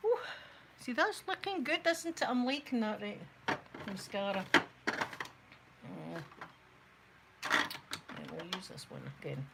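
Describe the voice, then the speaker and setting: A Scottish woman hosting a soft-spoken ASMR makeup video, chatting to viewers and rambling through stories, sometimes dropping to a near-whisper. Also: medium pitch, lively intonation, slow, gravelly, pauses often, heavy background noise. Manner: chatty, rambling storyteller who talks to viewers. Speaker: ASMR channel host.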